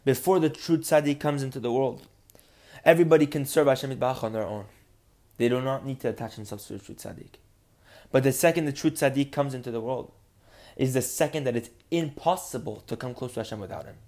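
A man's voice: medium pitch, fast, a little mellow. A man teaching a podcast Torah lesson, earnest and building to emphatic insistence.

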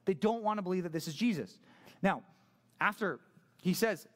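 A male pastor preaching a sermon in a casual, conversational, animated way. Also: high voice, a little fast.

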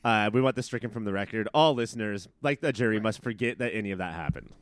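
A man's voice: fairly low pitch, fast talker, smooth, no echo. A man co-hosting a podcast in casual chat, sarcastic and swearing. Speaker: podcast co-host.

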